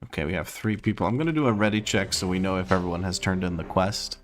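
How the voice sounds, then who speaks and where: A man with a slightly low voice chats his way through a live game stream at home. He talks loosely and playfully, narrates his moves as he goes, and laughs easily. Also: quick pace, a little hiss or hum. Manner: chatty and playful, laughs often, thinks aloud. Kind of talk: casual live-stream chat while gaming. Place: home room.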